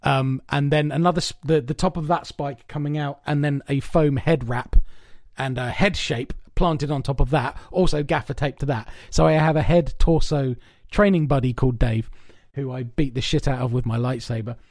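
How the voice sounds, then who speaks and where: A man co-hosting a podcast in casual chat, telling long stories in an animated, rambling way with lots of swearing. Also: mid-range voice, normal speed, few pauses, dry recording. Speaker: podcast co-host. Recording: dry, soundproofed home room.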